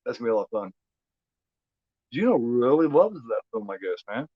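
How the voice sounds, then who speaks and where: A man's voice: mid-range voice, very animated, fairly quick, no room sound, lo-fi sound. A man from Indiana with a Midwestern American accent, hosting a movie watch-along stream in loose casual chat, rambling and repeating his words. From United States.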